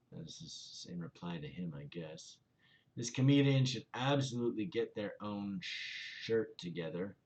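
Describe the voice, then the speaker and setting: A man in a casual vlog, reading viewer comments aloud and rambling through his replies with many fillers. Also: lowish voice. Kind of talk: casual chat.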